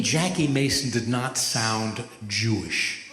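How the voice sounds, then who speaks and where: A man in his seventies, a rabbi doing stand-up comedy, telling stories with a wry, measured delivery and deadpan punchlines. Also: mid-range voice. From United States. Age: 70s. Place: large hall with a live audience. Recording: echoey hall from far off.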